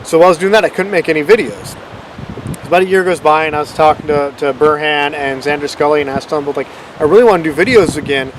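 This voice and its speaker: A man's voice: on the high side, fairly even intonation, fast, a little hiss or hum, poor audio. A man hosting his own channel, rambling in a casual, self-deprecating way about how his videos came about. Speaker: channel host. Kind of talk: casual unscripted vlog rambling.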